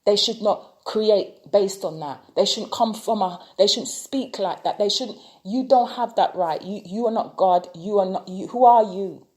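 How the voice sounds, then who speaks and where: A woman's voice: mid-range voice, a little slow, few pauses, a little mellow. A woman vlogging an impassioned rant, full of repeated rhetorical questions. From United Kingdom. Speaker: tarot reader and vlogger. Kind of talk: opinion vlog rant.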